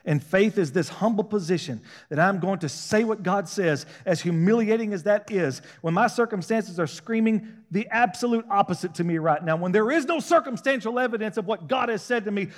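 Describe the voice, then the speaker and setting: A man with a high voice preaches a sermon in a casual, folksy manner. He keeps asking his listeners questions and pushing for a response, and his emphasis climbs as he goes. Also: animated, normal speed, few pauses. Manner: call-and-response, rising to shouted emphasis; conversational, folksy preaching with laughs.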